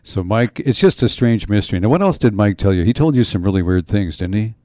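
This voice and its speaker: A man's voice: on the low side, lively intonation, a little fast, mellow, no echo, clean studio sound. A man hosting an interview who asks probing, leading questions. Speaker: host.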